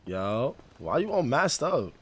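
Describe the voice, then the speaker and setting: A man's voice: medium pitch, sing-song, slow, fairly bright tone, slightly rough. A man streaming a role-play game, chatting in character in heavy slang and often repeating himself. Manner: slangy, repeats himself, teasing then bossy.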